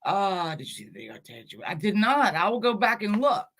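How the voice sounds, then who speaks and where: A woman's voice: mid-range voice, very animated, a little fast, a bit bright. A woman hosting a casual livestream, chatting with her viewers in a scattered, chatty way, with cursing and self-mocking asides. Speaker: livestream host.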